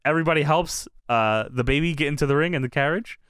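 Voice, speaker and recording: A man's voice: fairly high pitch, fast, fairly bright tone, clean tone, dry recording, studio quality. A man co-hosting a podcast, recapping wrestling in casual, comedic chat, laughing often as he retells the show.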